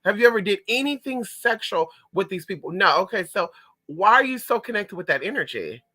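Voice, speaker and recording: Sassy male streamer, high voice and bright tone, chatty and animated. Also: brisk. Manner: sassy, animated, calls viewers honey and girl. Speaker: livestream host reading chat. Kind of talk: casual chat.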